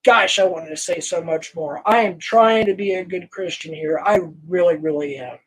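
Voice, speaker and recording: An older man hosting a livestream, scolding a viewer in a heated, halting rant full of restarts. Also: sits high, poor audio. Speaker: livestream host. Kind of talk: angry livestream rant to chat.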